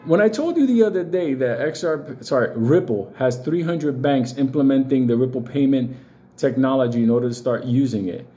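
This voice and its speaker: A man's voice: medium pitch, expressive, fairly quick, mellow. A man giving blunt, profane crypto commentary, hammering his points with rhetorical questions.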